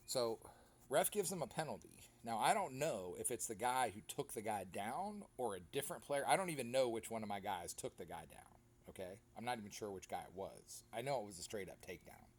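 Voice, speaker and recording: A man's voice: on the low side, a little fast, husky. A man, a goalkeeper animatedly recapping his own soccer match in casual commentary. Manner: animated storytelling, acts out other players.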